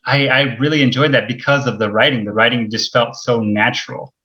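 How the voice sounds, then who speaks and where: Bright-voiced man hosting an interview. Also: mid-range voice, fairly even intonation, brisk. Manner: hesitant, many ums and restarts. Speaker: podcast host. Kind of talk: casual interview questions. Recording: dull lo-fi mic sound.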